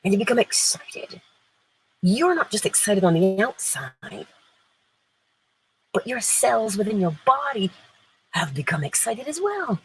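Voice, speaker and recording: Lively woman hosting an uplifting livestream. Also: medium pitch, a little slow, pauses often, a little hiss or hum, rough recording. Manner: laughs often, playful and emphatic, reads chat. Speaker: livestream host. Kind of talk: inspirational livestream talk.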